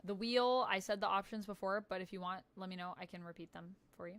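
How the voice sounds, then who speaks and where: A woman's voice: mid-range voice, fast, a bit bright, dry recording. A woman in her thirties chatting casually on a livestream, upbeat and reading out viewer messages. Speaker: streamer.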